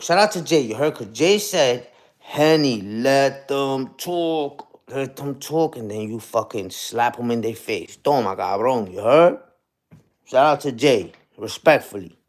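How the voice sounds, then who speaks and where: A man's voice: mid-range voice, sing-song, normal speed. A young man ranting on a casual livestream, profane and combative, ending lines with "you heard?". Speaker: streamer.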